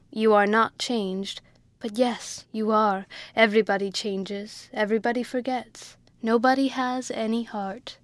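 A woman's voice: medium pitch, no room sound, lightly acted. A woman reading the part of a sad, coaxing woman who speaks with a put-on French-tinged accent. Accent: French-tinged English, put on. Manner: wistful, coaxing.

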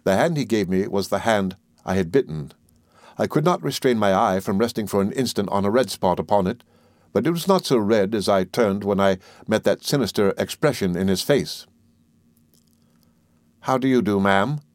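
A man narrates a classic novel as an audiobook, telling the story in a measured, even manner. His voice is on the low side, captured in a dry recording with clean studio sound, and the narration is scripted.

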